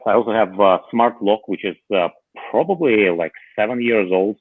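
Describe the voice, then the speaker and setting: A man chatting casually about gadgets, halting often with fillers and restarts. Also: fairly low pitch, dry recording. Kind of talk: casual tech chat. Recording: tinny phone-like line.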